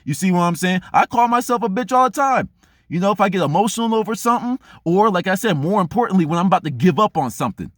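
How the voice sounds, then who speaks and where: A man's voice: high-pitched, animated, fast, no room sound, clean studio sound. A man giving a blunt, profane motivational monologue as a vlogger, unscripted and intense. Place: remote outdoor spot.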